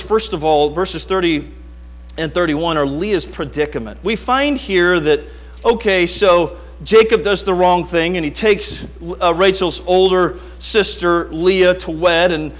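High-voiced pastor telling a story. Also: male voice. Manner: animated storytelling, acting out his childhood self. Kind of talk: sermon with personal story.

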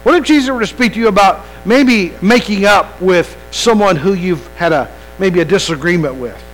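A high-voiced man preaches to his congregation in a loose, conversational way, stumbling over restarts and asking them direct questions. A low electrical hum runs under the whole recording. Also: moderate pace, a bit bright, soft background music, rough recording. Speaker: pastor. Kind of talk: evening sermon. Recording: mains hum behind.

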